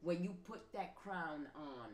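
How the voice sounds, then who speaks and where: A woman with a low, expressive, slightly mellow voice reads tarot for her viewers at a slow pace. She speaks emphatically and repeats herself like a preacher. The recording sounds roomy, with faint ambient noise.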